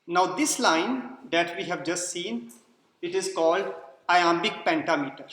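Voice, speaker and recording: High-voiced lecturer in an echoey hall. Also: male voice, a little slow, a bit bright. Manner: explains patiently, repeats points, checks understanding. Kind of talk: classroom lecture. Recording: echoey hall, long reverb.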